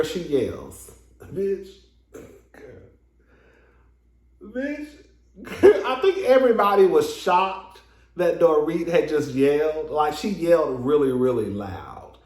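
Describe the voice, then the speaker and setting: Sassy, high-voiced man, echoey room. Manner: sassy, profane and laughing. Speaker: reality TV reviewer. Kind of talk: casual commentary.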